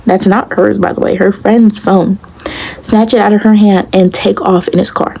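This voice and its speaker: A young woman telling a storytime to her viewers in a casual, blunt, profane and animated way. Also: medium pitch, moderate pace, vocal fry, slightly rough, low-quality recording. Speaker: vlogger.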